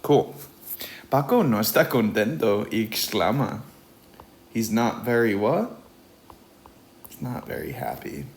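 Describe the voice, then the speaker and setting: This young Spanish teacher's voice is fairly low, a little mellow, and very animated. He reads a storybook aloud and patiently explains it in English at a slow pace, switching back and forth between the two.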